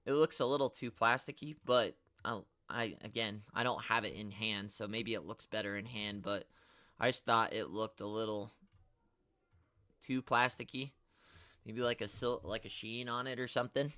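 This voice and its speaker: A man's voice: fairly low pitch, fairly even intonation, normal speed, pushed and bright, no room sound, clean studio sound. A young man hosting a casual live stream, rambling in slangy talk and getting exasperated as he reads and answers chat. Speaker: host of a toy collecting live stream.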